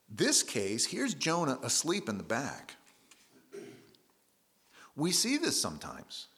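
A man's voice: lowish voice, sing-song, moderate pace, a bit bright. A man preaching a conversational sermon, retelling scripture in everyday words with casual asides.

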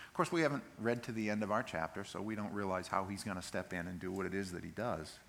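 A man preaching a sermon, telling the story in a lively way and acting out the voices of the people in it. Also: low voice, fast talker, gravelly, few pauses. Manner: animated storytelling, acts out voices. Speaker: pastor.

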